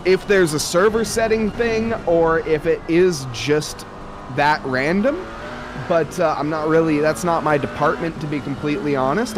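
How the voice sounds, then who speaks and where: A man's voice: fairly high pitch, background noise. A young man doing live sim racing commentary, rambling in a jokey, self-aware way.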